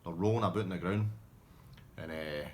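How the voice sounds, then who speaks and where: Guy, low voice, casual rambling pub yarns, laughs a lot. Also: normal speed, darkish tone, slight background noise. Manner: rambling, laughing, self-interrupting. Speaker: storyteller. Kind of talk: casual anecdote telling.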